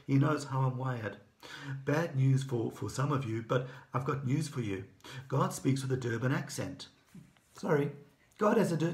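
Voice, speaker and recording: A man's voice: mid-range voice, gravelly, a little mellow, echoey room. A man preaching a sermon as pastor, earnest and conversational, often restarting his phrases.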